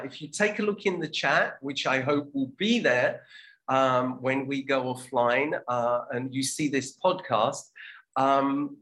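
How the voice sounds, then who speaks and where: A man's voice: mid-range voice, fairly bright tone. A man co-hosting a language-learning show in casual chat, chatty and given to restarts. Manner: chatty, restarts often, promotional asides.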